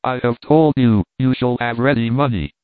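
A man's voice: medium pitch, normal speed, dry recording, natural voice. Guy doing a blunt, bossy army captain, storybook reading, tinny dry audio. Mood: impatient. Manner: curt, commanding. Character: brusque impatient male army captain. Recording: dry tinny phone-like sound.

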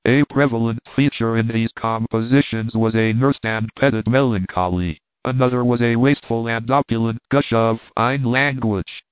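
A man narrating a classic novel as an audiobook reader, reading in a measured way and speaking punctuation marks aloud. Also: medium pitch, steady tone, clear, resonant tone, dry recording. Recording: tinny phone-like sound.

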